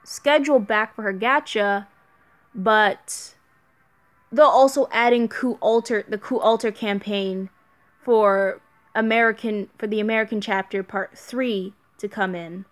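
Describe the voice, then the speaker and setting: A woman's voice: medium pitch, fairly even intonation, measured pace. A young woman streaming a mobile game, chatting casually and answering her viewers. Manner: chatty, reads viewer chat aloud. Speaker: let's play streamer.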